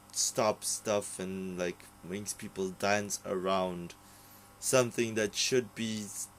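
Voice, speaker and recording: A man's voice: fairly low pitch, a little hiss or hum, low-quality recording. A young man ranting casually about a TV series, rambling and swearing, with many fillers and restarts. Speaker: vlogger reviewing a TV series. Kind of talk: casual unscripted rant.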